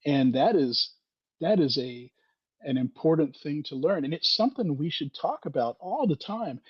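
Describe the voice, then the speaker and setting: A man telling a story in a self-deprecating way on a podcast, lively and candid. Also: on the high side, normal speed, slightly rough, dry recording, highs cut off. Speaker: podcast guest, Freemason author. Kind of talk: casual storytelling conversation.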